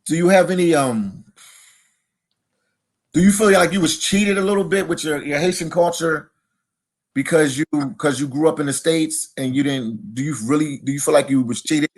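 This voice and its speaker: A man's voice: on the high side, moderate pace. A man interviewing a guest in a casual chat, often stopping and restarting his questions.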